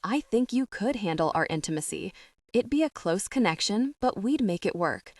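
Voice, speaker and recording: A woman voicing a commanding young man in an audiobook, speaking low and coaxing. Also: expressive, moderate pace, a little mellow, no echo, clean studio sound, far from the mic.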